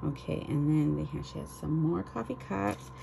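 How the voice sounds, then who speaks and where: A woman's voice: low voice, moderate pace, creaky, background noise. A woman chatting casually as she unboxes craft swap items on her vlog, gushing and exclaiming over each one. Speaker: crafting vlogger.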